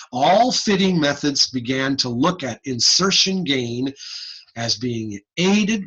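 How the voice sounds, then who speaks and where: A man giving an informal online lecture, lively and blunt, over a computer mic on a video call. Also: fairly high pitch, slightly rough, highs cut off. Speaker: audiology lecturer.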